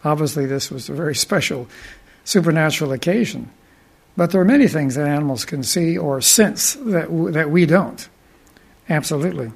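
A man with a fairly high voice preaches a sermon, retelling a Bible story. He talks deliberately and drifts into thoughtful asides. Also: lively intonation, creaky, slightly rough.

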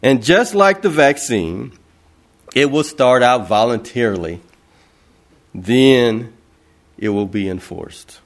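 A man's voice: mid-range voice, lively intonation, slow, long pauses. A man preaching an impassioned sermon, asking rhetorical questions and repeating phrases for emphasis.

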